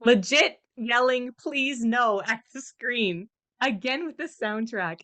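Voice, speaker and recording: A woman co-hosting a podcast, reading her notes in an expressive, exasperated way. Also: fairly high pitch, a little slow. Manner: expressive, exasperated, animated asides. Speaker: podcast co-host.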